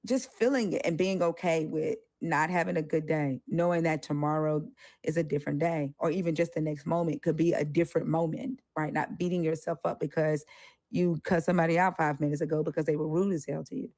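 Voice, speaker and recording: Woman co-host, lowish voice, dry sound; candid, profane, mimics others mid-story. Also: fairly even intonation, a little fast, darkish tone, dry recording. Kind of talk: casual discussion.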